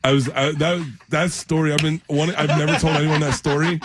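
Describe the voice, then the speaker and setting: A man's voice: a little high, little pitch movement, brisk, very noisy. A middle-aged man, a comedian guest in a radio studio, telling a funny story with laughs and acting out other people's voices. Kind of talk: animated storytelling.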